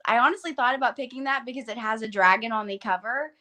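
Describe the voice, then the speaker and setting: Talking quickly in a bright, forceful voice on the high side, this readathon co-host from the southern US chats casually on a live-stream video call. She has a Southern American accent, giggles a lot, and fills her speech with "like."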